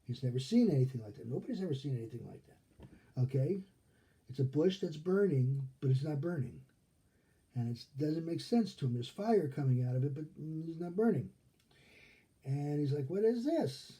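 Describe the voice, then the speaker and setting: A man's voice: on the high side, animated, normal speed, dark tone. A male rabbi giving a casual Torah study lesson, talking conversationally and often checking in with "okay?". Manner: acts out quoted characters in his retelling.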